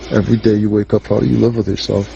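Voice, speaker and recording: A man's voice: lowish voice, flat delivery, rapid-fire, gravelly, dull audio, background noise. A man hosting a talk show, confronting guests in a blunt, angry and accusing way.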